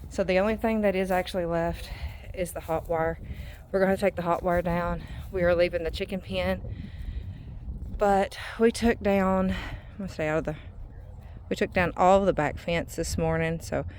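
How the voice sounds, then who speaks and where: A woman's voice: lowish voice, fairly even intonation, a little mellow, a little hiss or hum. A woman, talking casually in a rambling vlog as a mother. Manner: chatty, rambling, with drawn-out fillers. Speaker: vlogger and mother.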